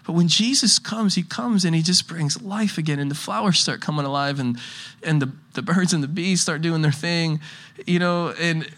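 Bright-voiced young male pastor, rambling. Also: fairly high pitch, normal speed. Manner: rambling, restarts often, chuckles through anecdotes. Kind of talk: casual conversational sermon.

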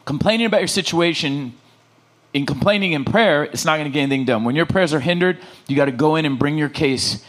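A male pastor preaching a sermon, telling personal stories with animated acted-out dialogue and frequent calls to the congregation. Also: a little high, quick pace. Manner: animated storytelling, acting out dialogue. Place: church.

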